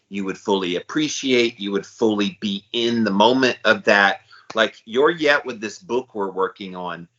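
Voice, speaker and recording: A man's voice: lowish voice, pushed and bright, lo-fi sound. A middle-aged man co-hosting a podcast, talking with upbeat enthusiasm in casual chat. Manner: enthusiastic hype-man delivery. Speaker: podcast co-host.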